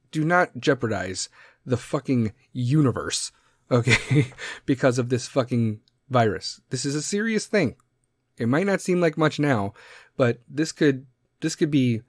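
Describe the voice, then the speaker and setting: A man's voice: a little high, dry recording, clean studio sound. A man hosting a solo podcast, talking bluntly and sarcastically and swearing constantly. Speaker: podcast host. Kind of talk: profane solo podcast rant.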